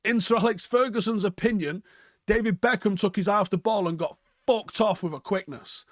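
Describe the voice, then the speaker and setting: A man's voice: high voice, a little fast, no echo, studio quality. Sweary guy ranting over chat. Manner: sweary, rambling, with frequent ums. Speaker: fan channel host reading live chat. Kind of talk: casual live-stream chat.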